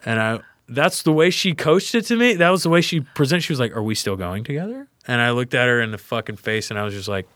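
A young man from Louisiana, a podcast guest telling a story in a casual, profane, animated way and acting out the people he quotes. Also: mid-range voice, quick pace, few pauses, no echo. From Louisiana, USA.

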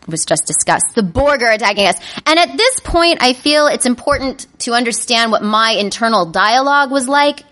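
A woman telling a comedic personal story to a live audience, animated and self-mocking. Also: mid-range voice. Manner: animated, self-mocking, breaks into panicked inner voices.

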